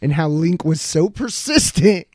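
A man hosts a casual podcast chat, spinning a rowdy story packed with swearing. He acts out what others said as he goes. His voice sits a bit high, and the sound is dry and close. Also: unhurried, no room sound. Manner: swearing, animated storyteller acting out quotes. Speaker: podcast host.

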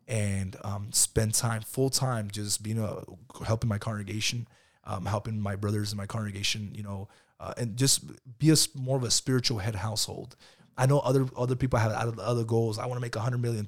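A man's voice: on the low side, fairly even intonation, a little fast. A man in his thirties, a guest in a casual interview, talking loosely and calling the host "bro" again and again. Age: 30s. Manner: keeps saying "bro", loose and chatty. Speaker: podcast guest, business owner.

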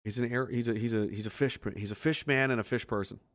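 A man's voice: medium pitch, fairly even intonation, fast, fairly bright tone. Blunt, profane man ranting on a livestream. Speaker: livestream host reading viewer comments. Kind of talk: casual livestream commentary.

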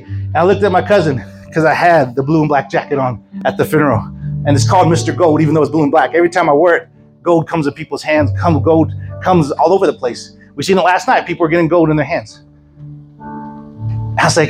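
A male evangelist preaching to a church congregation, telling a story with lively voices for the people in it. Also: sits high, fast talker, soft background music, rough recording. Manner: animated, acts out voices of people in his story. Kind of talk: sermon storytelling.

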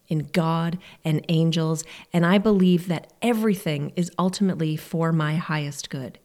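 Woman, podcast host, low voice, earnest, reflective, encouraging monologue. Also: darkish tone.

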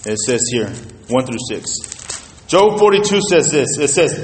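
Colloquial preacher in an echoey hall. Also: male voice, medium pitch, sing-song, a little slow. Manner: colloquial, storytelling, addresses the congregation directly. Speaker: pastor. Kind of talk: conversational sermon.

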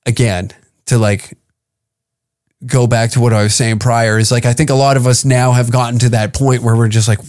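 A man, a stand-up comic, rants casually on his podcast. His talk is profane and rambling, full of restarts, and he acts out quoted exchanges with other people. His pitch sits in the middle range. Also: fairly even intonation, normal speed, a little mellow. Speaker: podcast host and stand-up comedian.

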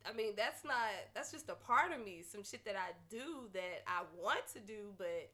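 A woman, hosting a podcast and telling a story in a blunt, profane, animated way. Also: mid-range voice, normal speed. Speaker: podcast host. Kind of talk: casual storytelling chat.

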